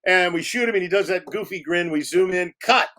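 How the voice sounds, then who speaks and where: A man, a film director, telling behind-the-scenes stories as a guest, animated and laughing as he acts out quotes. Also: high voice, a little fast. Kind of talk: storytelling in a podcast interview.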